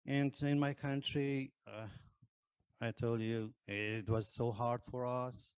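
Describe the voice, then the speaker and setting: A man who is not a native English speaker, telling his conversion testimony in hesitant English full of pauses and fillers. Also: mid-range voice, steady tone, clear, resonant tone, no echo. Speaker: ex-Muslim convert giving testimony. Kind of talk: personal testimony.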